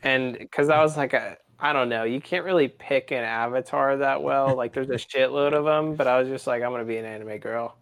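A man's voice: medium pitch, brisk, hardly any pauses. Rambling young man telling stories. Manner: profane, rambling, acts out his own rants loudly. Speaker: podcast co-host. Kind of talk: casual podcast storytelling.

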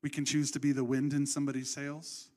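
A man preaching a sermon in an animated, conversational storytelling way. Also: mid-range voice, brisk. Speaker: pastor.

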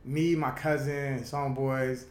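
Animated, profane man in an echoey room. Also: medium pitch, takes it slowly. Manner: animated, profane, laughs often. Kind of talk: casual chat, storytelling.

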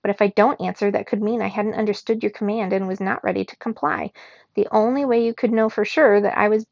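A woman's voice: mid-range voice, steady tone, brisk, creaky, darkish tone, no echo. A woman voicing an eager, talkative and opinionated machine AI that cleans, in a dull lo-fi recording. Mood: pedantic. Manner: eager, literal-minded, talkative.

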